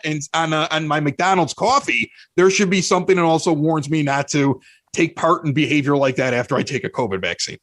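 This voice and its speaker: On a podcast, a guest with a Chicago accent casually tells self-deprecating, animated stories, repeatedly restarting his sentences. He speaks briskly in a voice on the high side, with no room sound in the recording.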